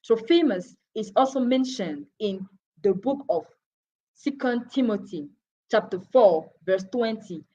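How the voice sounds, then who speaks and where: A woman's voice: on the high side, lively intonation, warm tone, breathy edge. A woman giving a Bible teaching, going through names, chapters and verses and sometimes stumbling over her words. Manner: deliberate, with restarts and verse citations. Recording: dull lo-fi broadcast audio.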